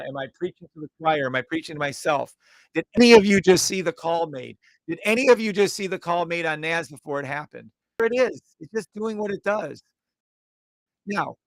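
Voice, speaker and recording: A man hosting a live trading stream, calling out trades in quick repeated bursts, brash and profane, mocking imagined viewers. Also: fairly high pitch, no echo, poor audio. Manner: mocks imagined viewers in a whiny voice.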